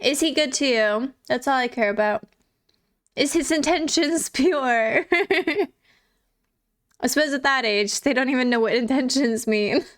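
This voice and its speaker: A woman's voice: high voice, unhurried. A woman streamer in casual live chat, giggly and chatty, reading and answering chat.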